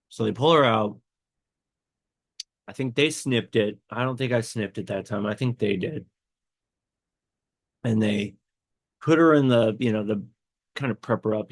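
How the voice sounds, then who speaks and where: Slow, gravelly man holding back tears. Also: fairly low pitch, no room sound. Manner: rambling, many fillers and restarts. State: tearful, choked up. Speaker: podcast host. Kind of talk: personal storytelling.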